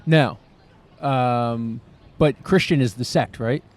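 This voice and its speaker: A man's voice: mid-range voice, slow pace, darkish tone. A young man co-hosting a podcast, joking around in crude, casual banter. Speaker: podcast co-host. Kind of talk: casual chat.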